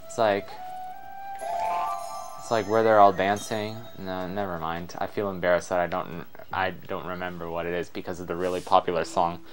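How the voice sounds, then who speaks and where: A man's voice: deep voice, little pitch movement, normal speed, over music. A young man giving casual gameplay commentary in a rambling, self-deprecating way. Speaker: let's player.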